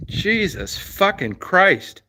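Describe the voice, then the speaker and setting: A man's voice: sits high, very animated, slow pace, bright, forceful tone, no echo. A man hosting a livestream, telling a story as a profane, rambling, argumentative rant full of constant swearing. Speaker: livestream host.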